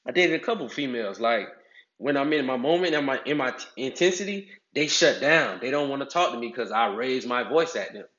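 Animated man talking in an echoey room. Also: medium pitch, a little fast. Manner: animated, acts out voices with big swings. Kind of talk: casual advice talk. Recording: echoey, slightly dull sound.

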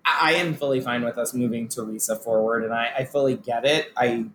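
A man co-hosting a podcast in casual chat, animated and swearing freely. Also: medium pitch, a little fast. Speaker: podcast co-host. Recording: roomy with faint noise.

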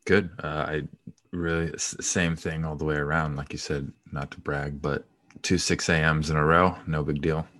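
A man with a very low voice talks casually as a podcast co-host. His delivery is laid-back and conversational. The sound is dry and close to the mic. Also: flat delivery, moderate pace, a bit bright, dry recording. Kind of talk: casual sports podcast chat.

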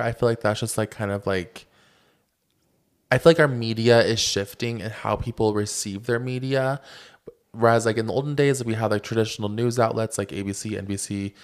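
A man's voice: mid-range voice, normal speed, clean tone. A young man in his twenties co-hosting a podcast, chatting casually with opinions and many fillers. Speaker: podcast co-host. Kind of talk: casual chat.

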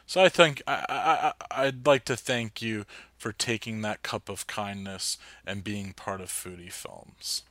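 Chatty low-voiced podcast host. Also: male voice, a little slow, a bit bright, no room sound. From New Jersey. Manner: rambling, chatty, lots of fillers and restarts. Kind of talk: casual solo podcast chat.

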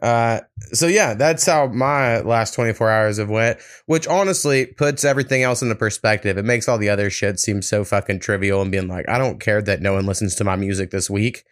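A podcast host chats casually in a loose, laid-back way, swearing often. His voice is on the low side and a little fast, with hardly any pauses. The recording is clean studio sound with no room noise.

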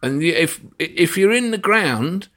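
Animated man talking football. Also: fairly high pitch, measured pace. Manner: animated, jokey, acts out quotes. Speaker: football pundit. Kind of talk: casual podcast chat.

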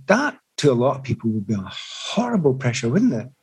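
A man's voice: medium pitch, fairly quick, vocal fry, slightly rough, low-quality recording. A middle-aged man, a former footballer, telling reflective stories in an interview. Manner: reflective, animated anecdotes with restarts. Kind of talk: storytelling in an interview.

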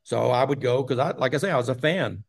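A man's voice: medium pitch, fast talker. Older man, from Texas, interview guest, rambling anecdotes, lots of ums. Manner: rambling storyteller with many fillers. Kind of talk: casual storytelling interview.

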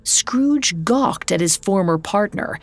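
A woman narrating a scripted ghost story in a measured, atmospheric way. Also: mid-range voice, animated, no echo. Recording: soft background music.

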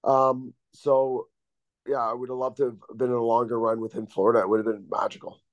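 A man who is a guest on a podcast, telling casual stories in a relaxed, rambling way with many fillers over a video call. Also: medium pitch, brisk, no room sound. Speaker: guest, former pro hockey defenseman. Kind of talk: casual storytelling. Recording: dull dry lo-fi recording.

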